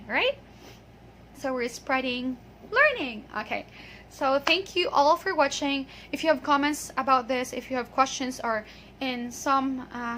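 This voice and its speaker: High bright voice, lady giving a lesson, encouraging, a little room hiss. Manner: patient, encouraging, says "okay" often. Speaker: English teacher. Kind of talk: online pronunciation lesson.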